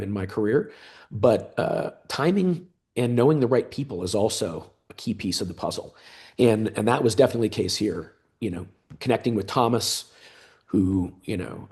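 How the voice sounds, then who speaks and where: Lively storytelling man in his fifties. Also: fairly low pitch. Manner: animated storyteller, often pauses on fillers. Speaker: interview guest, former gaming executive. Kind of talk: conversational storytelling in an interview.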